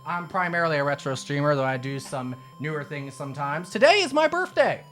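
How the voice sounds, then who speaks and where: A man's voice: fairly high pitch, very animated, a little fast, a bit bright, faint music behind. A man in his thirties, out of breath from exercise games, chatting casually with viewers as a retro game streamer. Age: 30s. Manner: chatty, laughing, swears at the game. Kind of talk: casual live stream chat.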